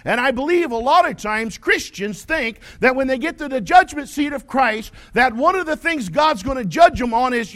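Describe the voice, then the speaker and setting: A male pastor preaching a sermon, stressing his points and reading scripture slowly. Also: extremely high pitch, sing-song. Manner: preaching with rising shouted emphasis and slow scripture reading.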